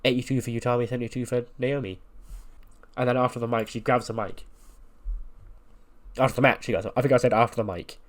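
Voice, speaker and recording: An ill man, sounding under the weather, casually recaps storylines from a wrestling simulation game. His delivery is loose and full of fillers, and his pitch sits mid-range. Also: steady tone, fast talker, long pauses. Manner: casual, filler-heavy retelling. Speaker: game commentator.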